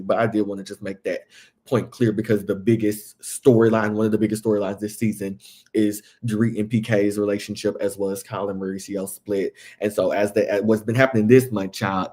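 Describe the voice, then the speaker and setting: A young man hosts a casual reality TV recap. His voice sits on the low side, and he talks in a chatty, animated way, leaping up in pitch whenever he quotes someone. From Southeast Texas. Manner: chatty, animated, jumps to high acted quotes. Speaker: podcast host.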